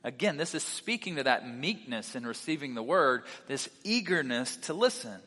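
A man preaching a sermon as pastor, mixing animated delivery with casual conversational asides. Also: medium pitch, normal speed. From South Carolina. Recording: long hall reverb.

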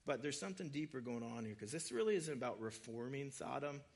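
A man's voice: mid-range voice, animated, quick pace, gravelly. A man preaching a sermon in a conversational way, acting out quoted voices. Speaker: pastor.

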